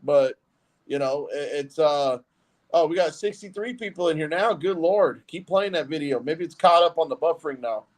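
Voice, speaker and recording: A man's voice: a little high, moderate pace. A man hosting a live reaction stream, commenting in a blunt, profane way. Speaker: host reacting to videos.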